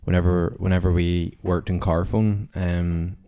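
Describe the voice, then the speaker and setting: Young man, deep voice, casual storytelling, loose and rambling. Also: little pitch movement, a little slow, dark tone. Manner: rambling, lots of "like" fillers.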